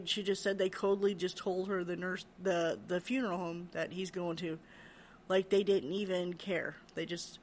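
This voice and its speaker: A woman recounting a frightening experience from her care work, halting, repeating words and laughing nervously. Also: medium pitch, slight background noise. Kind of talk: personal storytelling.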